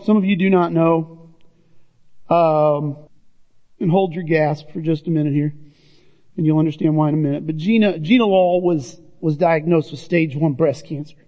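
A man with a high voice delivers an earnest sermon, calling his listeners "guys" as he talks to them directly. His words carry a long reverb from a church hall, heard through a muffled, lo-fi recording. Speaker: pastor. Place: church sanctuary. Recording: dull, reverberant hall sound.

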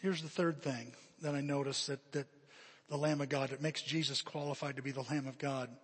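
A man preaching a sermon, telling a story in an animated way and dropping to hushed appeals. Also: mid-range voice, a little fast, husky, long reverb tail. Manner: animated, repeats himself, drops to hushed appeals. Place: church.

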